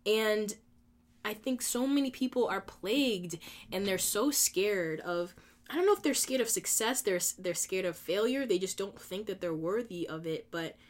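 A woman in her twenties hosting a podcast, talking candidly and emotionally in a casual monologue, filling her speech with "like" and swearing freely. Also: mid-range voice. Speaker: podcast host.

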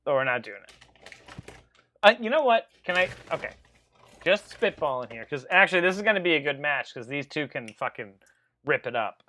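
Male co-host, animated and jokey; bright tone, very lively pitch. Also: fairly quick, pauses often. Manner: excitable, joking, often laughing. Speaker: podcast co-host. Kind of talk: casual chat while watching wrestling.

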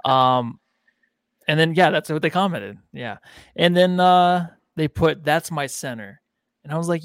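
A man's voice: a little high, measured pace, no room sound, clean studio sound. A man hosting a casual sports podcast, joking around and swearing freely. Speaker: podcast host.

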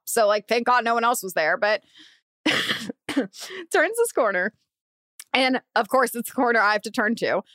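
A young woman hosting a podcast, telling a story in casual chat, animated and swearing, acting out quotes loudly. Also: on the high side, no echo. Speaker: podcast host.

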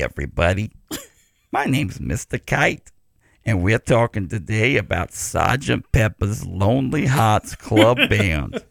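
A man doing an impression of an old male mayor, drawling slowly and chuckling between lines. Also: mid-range voice, creaky, dry recording, clean studio sound, heavily acted. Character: old man mayor Mister Kite, George Burns impression.

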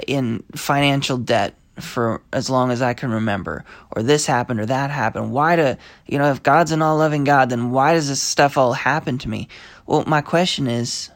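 A man's voice: medium pitch, gravelly, dry recording. A man hosting a podcast and giving a preaching monologue, earnest and exhorting, quoting scripture. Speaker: podcast host.

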